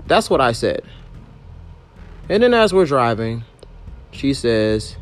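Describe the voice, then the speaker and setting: Young man, rideshare driver, exasperated profane storytime rant, animated swinging pitch, middle-pitched voice. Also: takes it slowly, a little hiss or hum. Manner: exasperated, profane, emphatic retelling.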